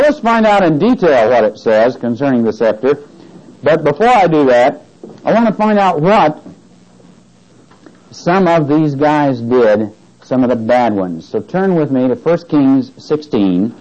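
A man's voice: medium pitch, darkish tone. A man preaching a Bible-teaching sermon, reading scripture aloud with emphasis and putting questions to the congregation for them to answer. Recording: dull lo-fi sermon recording.

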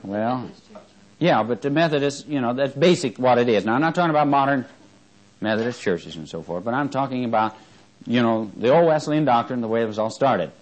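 A man's voice: lively intonation, a little fast, low-quality recording. Male preacher in the pulpit, fervent, call-and-response questioning. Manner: swings from fervent rising emphasis to low quiet asides, asks the congregation questions. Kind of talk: sermon.

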